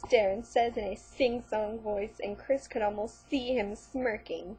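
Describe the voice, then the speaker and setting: A woman's voice: a little high, fairly even intonation, a little slow, mellow, husky. A woman vlogger reading fan fiction aloud, breaking in with sarcastic, mocking commentary.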